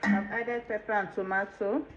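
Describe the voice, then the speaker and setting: A woman's voice: medium pitch, steady tone, moderate pace. A woman hosting a home cooking tutorial, explaining each step in a chatty way and checking in with the viewer. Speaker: cooking channel host. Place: home kitchen. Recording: dull lo-fi home video with faint room noise.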